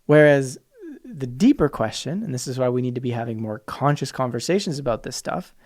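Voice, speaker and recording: A podcast host with an expressive, mid-range voice and a darkish tone talks briskly through a solo monologue. He argues passionately and emphatically, at times mimicking opposing views in mocking voices.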